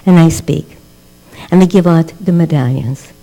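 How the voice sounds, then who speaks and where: An older woman tells a story to her class as a dramatic storyteller. Her voice sits low and mellow, with little brightness. A steady mains hum runs faintly under the recording. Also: a little slow, rough recording. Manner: dramatic storyteller who acts out quoted voices. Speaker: rebbetzin teaching a class. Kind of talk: storytelling lecture.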